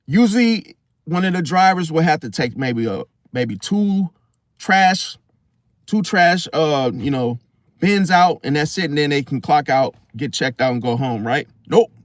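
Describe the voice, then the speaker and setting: A man's voice: a little high, unhurried, no room sound, clean studio sound. A man telling a story to his viewers in a casual vlog, slangy and profane, talking straight to them. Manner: animated, slangy and profane, addresses viewers directly. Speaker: astrology vlogger.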